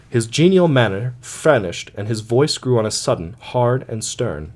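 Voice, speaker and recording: A man's voice: mid-range voice, big pitch swings, normal speed, hardly any pauses, darkish tone. Man reading an audiobook. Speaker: audiobook reader. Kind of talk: audiobook narration of a classic story.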